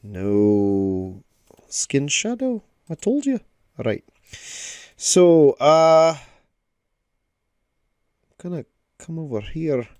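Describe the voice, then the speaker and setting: On the high side and mellow, this man's voice comes through in studio quality without echo. Drawing live for a stream, the digital artist chats in a rambling way, giving mock lessons playfully with plenty of fillers.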